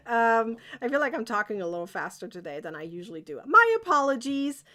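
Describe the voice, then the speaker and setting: A woman leads a live crochet tutorial in a chatty, excitable way, stopping often to check that everyone is keeping up. Her voice sits a little high. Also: brisk. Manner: chatty, encouraging, excitable, asks viewers if they follow. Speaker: crochet teacher.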